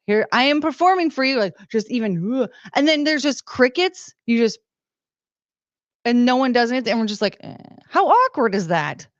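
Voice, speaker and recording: A woman's voice: medium pitch, no room sound, muffled recording. A young woman hosting a livestream, casually chatting and playfully reading out super chats. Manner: playful, reads out super chats with beeping sounds. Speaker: livestream host.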